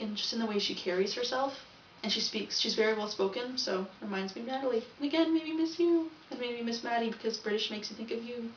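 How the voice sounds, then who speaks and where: A woman's voice: fairly high pitch, fairly bright tone, distant mic, a little hiss or hum. A young woman rambling through a casual video diary and often correcting herself. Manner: chatty, rambling, self-correcting. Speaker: vlogger. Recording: echoey, dull, from off the mic.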